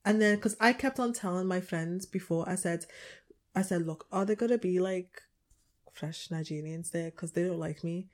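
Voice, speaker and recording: A young woman with a Liverpool accent co-hosts a casual podcast, her voice sitting a little low. She tells her stories with energy, acting out the lines of the people in them. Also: normal speed. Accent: Liverpool English. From England. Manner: animated storytelling, acts out others' lines. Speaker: podcast co-host. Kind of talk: casual chat.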